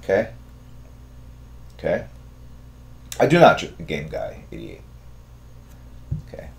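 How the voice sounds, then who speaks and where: A middle-aged man hosting a live drawing stream, giving relaxed, rambling step-by-step instructions and thanking viewers in the chat. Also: a bass voice, slow pace, gravelly. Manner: relaxed, rambling instructions with fillers and chat-reader shout-outs. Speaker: artist hosting a draw-along stream.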